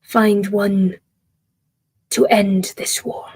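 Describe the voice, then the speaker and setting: Woman doing a hushed, solemn old tribal chief. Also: mid-range voice, level tone, husky. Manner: hushed, slow, grave pronouncements.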